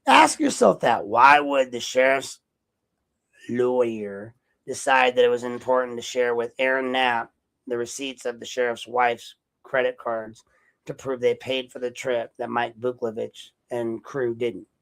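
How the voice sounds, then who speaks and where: A man's voice: medium pitch, flat delivery, measured pace, fairly bright tone, smooth, poor audio. A man hosting a solo podcast monologue, rambling and sarcastic, with profanity and frequent self-corrections. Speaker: podcast host, investigative journalist.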